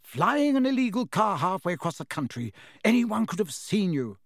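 Guy putting on a high fussy mum voice, sharp snappy scolding, storybook read, dry sound. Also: sing-song, moderate pace, no room sound, heavily acted. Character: scolding motherly woman, bustling and fussy.

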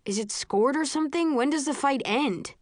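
A big young man sounds uneasy and pleading, his questions rising high, as a woman reading puts him on. Dry, close recording. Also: moderate pace, dry recording, natural voice.

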